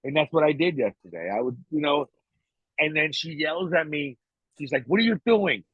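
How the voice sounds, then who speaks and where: A podcast co-host with a fairly high, breathy-edged voice talks casually at a moderate pace. He's blunt and profane, often emotional, and keeps restarting his sentences. The recording is dry, with a tinny, phone-like sound.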